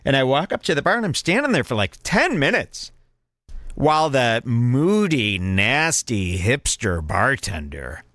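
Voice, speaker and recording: A man's voice: medium pitch, a little slow, dry recording. A man co-hosting a podcast, telling a comic story and acting out the people in it. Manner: animated, mimics people in stories. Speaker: podcast co-host. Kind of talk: casual comedic storytelling.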